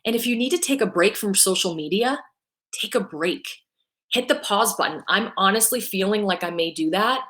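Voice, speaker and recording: A woman's voice: mid-range voice, lively intonation, moderate pace, fairly bright tone. A middle-aged woman giving a live-streamed motivational talk to salon owners, upbeat and coaching, often asking "right?" and sometimes getting emotional. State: emotional at times.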